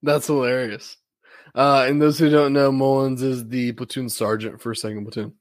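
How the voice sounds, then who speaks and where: A man's voice: medium pitch, level tone, normal speed, no echo. A man hosting a casual interview, asking questions hesitantly with many ums. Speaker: podcast host and interviewer.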